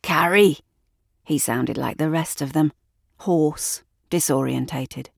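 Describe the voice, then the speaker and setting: A woman narrating a dark story in a measured, deliberate way. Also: a bass voice, steady tone, vocal fry, slightly rough, dry recording, clean studio sound. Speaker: audiobook narrator. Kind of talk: scripted narration.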